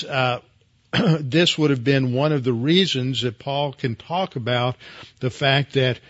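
A man preaching as a pastor in a measured teaching sermon, often pausing with fillers and restarting his words. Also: mid-range voice, a bit bright, dry recording, highs cut off. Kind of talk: expository Bible teaching.

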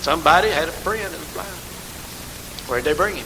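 A man's voice: high voice, expressive, measured pace, pauses often. A man preaching a sermon, rising to emphatic call-and-response and calling on congregation members by name. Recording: hissy recording in a reverberant hall.

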